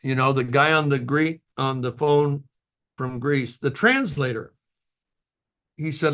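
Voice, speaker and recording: A man's voice: medium pitch, takes it slowly, pauses often, a bit bright. A man, the company's founder, giving a casual, earnest motivational talk to distributors, rambling with fillers and restarts and getting emotional at times.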